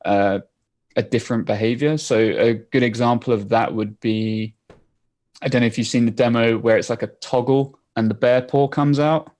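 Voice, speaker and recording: A man's voice: medium pitch, fairly even intonation, moderate pace, a little mellow. A man appearing as a guest developer, explaining his coding demos in a casual, rambling way. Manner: rambling, many fillers and restarts.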